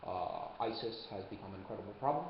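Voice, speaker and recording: A solemn president delivering a halting address, as a young man puts him on, low and hushed. The delivery is slow and measured. The webcam audio sounds roomy and dull. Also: expressive, a little hiss or hum, lightly acted.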